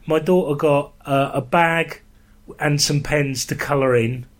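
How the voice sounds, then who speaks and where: A man's voice: on the high side, steady tone, a little slow. A man co-hosting a podcast, chatting casually with a dry, teasing, sweary manner. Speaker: podcast co-host. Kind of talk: casual chat.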